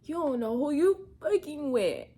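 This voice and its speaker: A woman's voice: high voice, very animated, a little slow, mellow, voice pushed up, full character voice. A woman voicing a cocky man who taunts in casual slang, close to her own voice. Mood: taunting.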